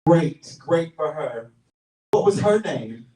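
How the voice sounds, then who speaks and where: A man's voice: a little high, expressive, slow, warm tone. A man hosting a comedic live talk show on stage, teasing the audience with mock-serious banter. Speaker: host. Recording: roomy stage sound from far off.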